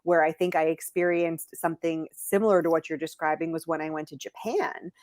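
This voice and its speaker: A woman's voice: low-pitched, fairly quick, no room sound, studio quality. A woman from the United States talking casually as a podcast guest, telling stories full of fillers. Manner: animated storytelling with many fillers. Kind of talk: casual conversation.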